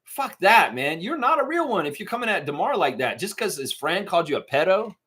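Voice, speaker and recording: This live stream host has a high, husky voice and talks fairly quickly. He chats casually, reads and responds to viewer comments, and gets animated, swinging into mocking impressions and shouted outbursts.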